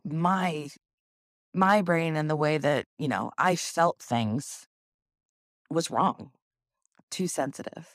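A woman's voice: sits low, creaky, no room sound, clean studio sound. A woman in her thirties hosting a solo podcast, rambling candidly, swearing freely and laughing often. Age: 30s. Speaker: podcast host.

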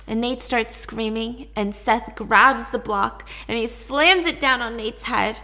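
A woman narrating a dark story in a chatty, casual retelling with wry asides. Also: a little high, unhurried, hardly any pauses.

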